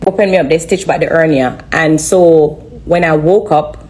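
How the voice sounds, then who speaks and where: Low-voiced woman giving testimony. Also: fairly even intonation, a little mellow. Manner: earnest, halting, repeats herself. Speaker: livestreamer sharing a testimony. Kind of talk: emotional personal testimony on a live stream.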